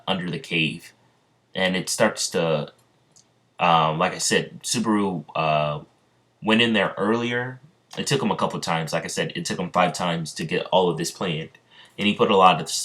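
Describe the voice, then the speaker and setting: Low-voiced guy, casual fan-story narrator, rambling and halting. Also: a bit bright. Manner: rambling, many fillers and restarts.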